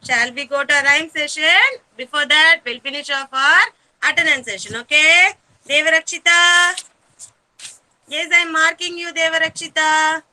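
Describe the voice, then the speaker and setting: A woman's voice: high-pitched, steady tone, normal speed, bright, forceful tone, rough recording. A woman with an Indian English accent teaching an online kindergarten class, coaxing and sing-song, repeating her questions for small children. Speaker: preschool teacher. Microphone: video call.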